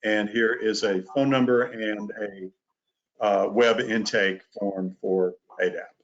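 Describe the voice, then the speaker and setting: A man with a rough, gravelly voice pitched somewhat low walks through legal resources on a video call. He pauses often on "uh" and "um", and the call audio is dull and muffled. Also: fairly even intonation. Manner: halting, frequent "uh" and "um". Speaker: disability legal advocate presenter. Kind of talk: webinar presentation.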